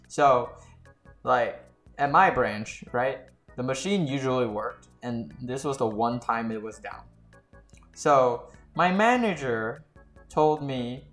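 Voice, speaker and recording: A young man tells job stories in a loose, exasperated rant. He swears freely, and his voice keeps climbing into heated outbursts. The room is echoey, with faint music underneath. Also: mid-range voice. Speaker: storytime vlogger. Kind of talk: casual storytelling rant. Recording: roomy echo with faint music.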